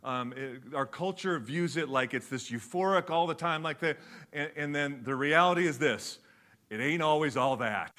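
Male pastor, middle-aged, bright forceful voice, animated storytelling sermon. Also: fairly high pitch, normal speed. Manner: animated storytelling, acts out voices, swings from loud to hushed.

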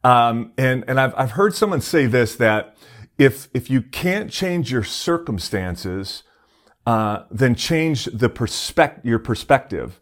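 A man's voice: medium pitch, animated, takes it slowly. A man preaching a casual sermon as a pastor, talking conversationally with many fillers and restarts.

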